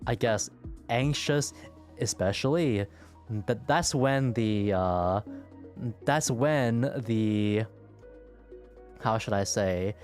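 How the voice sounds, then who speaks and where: A man's voice: fairly low pitch, extremely slow, pauses often, a little mellow, faint music behind. A man streaming and chatting casually with his viewers, stuttering and repeating words as he talks.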